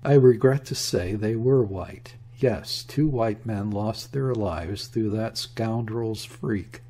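A man's voice: on the low side, slow pace, dark tone, husky, heavily acted. A man voicing a polite young naval lieutenant who speaks formally and soothingly. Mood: courteous.

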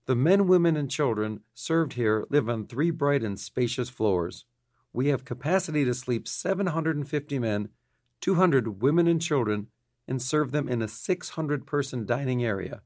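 正式朗读捐赠通告的男士. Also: male voice, mid-range voice, lively intonation, darkish tone, dry recording, clean studio sound. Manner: formal, measured reading. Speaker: mission president. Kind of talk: read donor appeal.

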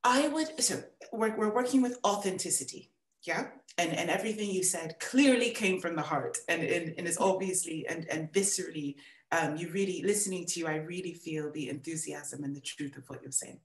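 A woman from the United States teaching a writing workshop on a video call, gentle and encouraging as she gives feedback. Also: on the low side, fairly quick, echoey room.

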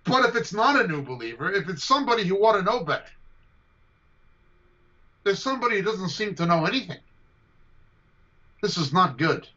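A man teaching on scripture over a video call, forceful and combative, hammering his points home by repeating them. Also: sits high, very animated, normal speed, pauses often. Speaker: Bible teacher. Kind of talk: emphatic teaching answer to a question. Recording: dull lo-fi video call audio.

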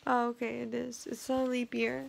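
A woman's voice: fairly high pitch, level tone, a little fast, creaky. A young woman rambling casually at home, joking at her own expense, with lots of fillers. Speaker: vlogger. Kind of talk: casual chat. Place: at home indoors. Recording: noisy home recording.

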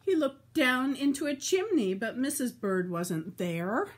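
An older woman reading a children's storybook aloud, slow and expressive, chatting about the story as she goes. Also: sits high.

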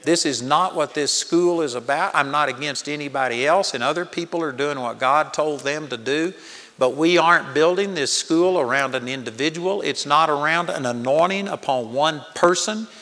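A man's voice: fairly high pitch, normal speed, pushed and bright, long reverb tail. An older man preaching a sermon at a Bible college, telling stories in an earnest manner. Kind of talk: sermon teaching. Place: large hall with audience.

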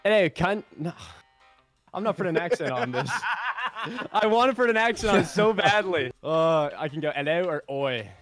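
A man's voice: sits high, expressive, normal speed, fairly bright tone, faint music behind. A man chatting casually as a guest, giggly and swearing. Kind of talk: casual chat.

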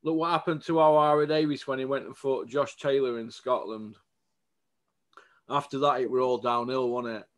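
A boxing vlogger rants to camera, giving blunt, animated opinions and repeatedly asking viewers to agree with him. His voice is medium in pitch and he talks at a normal speed.

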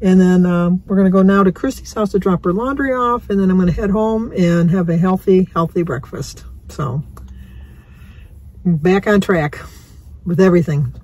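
A woman's voice: lowish voice, moderate pace, darkish tone, dull audio. A woman vlogging from her car while driving, chatting in a rambling way, laughing often and stumbling over long words. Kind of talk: casual chatty vlog.

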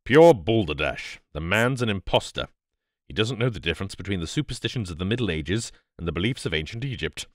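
A man's voice: sits low, lively intonation, a little fast, dry recording, studio quality. A man voicing an irascible older male scholar who blusters scornfully. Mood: indignant.

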